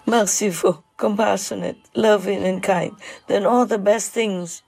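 Brief: woman, slow and gravelly, choked up, halting speech with nervous laughs. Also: medium pitch, darkish tone, low-quality recording. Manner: halting, tearful, many restarts and nervous laughs. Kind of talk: emotional spoken address.

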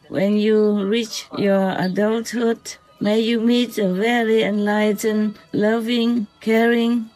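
A spiritual vlogger speaking gently at night to an unseen animal, softly giving blessings and often asking "okay?", then calmly recounting their day. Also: medium pitch, low-quality recording. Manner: soft, slow, affectionate blessings with repeated "okay?".

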